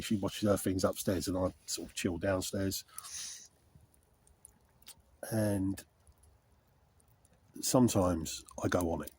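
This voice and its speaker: A man's voice: sits low, a little mellow, a little hiss or hum. A middle-aged man chatting candidly and rambling to camera while camping outdoors in a frosty wood. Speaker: wild camping vlogger. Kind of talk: casual rambling chat to camera.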